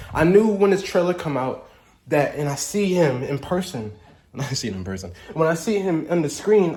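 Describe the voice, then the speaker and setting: Lively excitable man reacting on camera. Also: a little high. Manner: hyped and excitable, swinging between laughing shouts and quiet musing. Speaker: trailer reaction vlogger. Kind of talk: casual excited reaction commentary.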